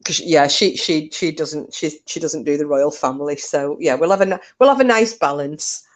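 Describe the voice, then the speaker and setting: A woman's voice: deep voice, normal speed. An older woman hosting a casual livestream chat, laughing often and reading out her viewers' comments. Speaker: livestream host.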